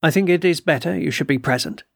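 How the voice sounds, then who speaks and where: A man reading aloud voices a blunt old army colonel who speaks gruffly and stammers when worked up. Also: on the high side, fast talker, no echo, clean studio sound.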